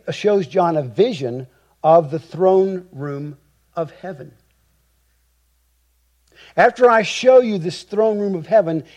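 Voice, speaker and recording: Slow, emphatic male preacher. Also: a little high, a little mellow. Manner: emphatic, rhetorical repetition, slow deliberate phrasing. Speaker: pastor. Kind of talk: expository sermon.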